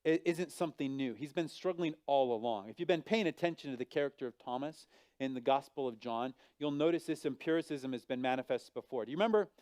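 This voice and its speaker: Animated preacher with a smooth voice. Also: male voice, quick pace, no room sound. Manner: animated, acts out voices of biblical figures with big pitch and volume swings. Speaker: pastor. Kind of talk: sermon.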